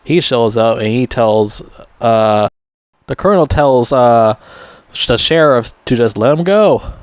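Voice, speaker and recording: A man's voice: animated, measured pace, clear, resonant tone, no echo. Profane rambling man recapping a movie. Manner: profane, rambling, laughs at own jokes; mimics characters in high squeaky voices. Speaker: movie reviewer.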